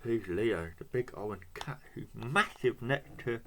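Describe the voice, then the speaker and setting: A man reads a storybook aloud to children at an unhurried pace. His pitch moves around a lot, and he often stops to explain and put questions to his young listeners. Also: lively intonation, gravelly.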